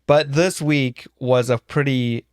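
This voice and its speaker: A man's voice: medium pitch, slow, clear, resonant tone, no echo, studio quality. Male podcast co-host, mid-range voice, easygoing teasing delivery. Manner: relaxed, teasing, laughs while telling stories. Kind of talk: casual chat.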